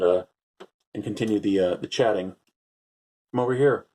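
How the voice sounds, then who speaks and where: A man's voice: lowish voice, very animated, fast, long pauses, slight background noise. A middle-aged man hosting his own talk show, rambling in a wry, self-interrupting way. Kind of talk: casual unscripted intro and chat.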